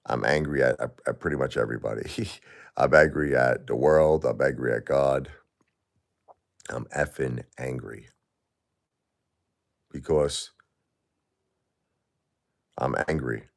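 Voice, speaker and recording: A middle-aged man live-streaming while grieving, talking to his chat in halting, repetitive, emotional bursts. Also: a bass voice, gravelly.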